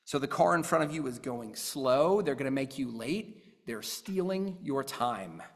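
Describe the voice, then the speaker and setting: A man's voice: mid-range voice, animated, unhurried, big-room sound. A man in his thirties preaching a sermon as pastor, earnest and conversational, using everyday examples.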